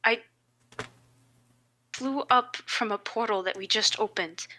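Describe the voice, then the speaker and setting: Bright-voiced woman playing a tabletop game. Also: on the high side, takes it slowly. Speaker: player. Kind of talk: tabletop role-play chat.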